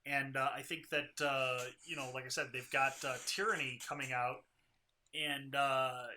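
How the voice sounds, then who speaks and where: A man co-hosting a casual gaming show, talking through the week's game news in a loose, opinionated way. His voice is bright and forceful at a middle pitch. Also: fairly even intonation, moderate pace, a little hiss or hum. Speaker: co-host. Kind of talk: casual gaming podcast chat.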